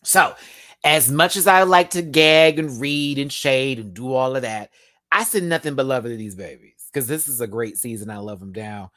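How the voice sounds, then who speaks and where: A man talks through a live episode review in a chatty, sassy style, sprinkling in drag slang. His voice sits in a middle pitch. The sound is dry and close, with no room echo. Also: moderate pace. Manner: chatty, expressive, with laughs. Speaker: YouTube reviewer.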